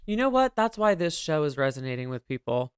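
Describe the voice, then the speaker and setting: A man's voice: a little high, sing-song, brisk, smooth, no room sound, clean studio sound. A man co-hosting a podcast, talking in a campy, playful, theatrical way in casual comedic chat. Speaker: podcast co-host.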